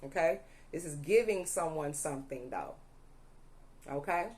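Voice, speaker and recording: A woman's voice: deep voice, animated, measured pace, a little mellow. Emphatic woman giving a tarot reading. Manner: emphatic, repeats "allegedly" and "okay?", audibly angry at times. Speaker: tarot reader.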